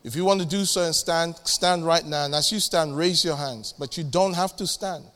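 High-voiced preacher, lively and reverberant. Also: male voice, moderate pace. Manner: animated, jokey preaching with sudden loud bursts and acted-out dialogues. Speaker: pastor. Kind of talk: sermon. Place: church hall. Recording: echoey church hall with long reverb.

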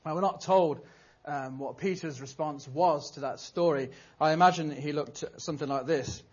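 A man's voice: on the high side, moderate pace, a little mellow, husky. A man preaching a sermon in a humorous, conversational storytelling manner. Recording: dull lo-fi recording.

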